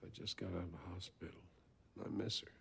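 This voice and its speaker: Elderly husband, soft-spoken, deep, gravelly. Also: male voice, fairly even intonation, a little fast, full character voice. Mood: tender. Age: older. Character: elderly husband tenderly devoted to wife.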